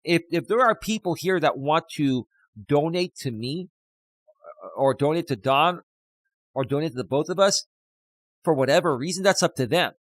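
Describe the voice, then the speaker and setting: A man's voice: a little high, expressive, moderate pace, pauses often, no echo. A man hosting a live stream as a life coach, ranting at critics and getting emotional while reading out super chats. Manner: indignant rant turning to emotional gratitude. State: emotional, near tears.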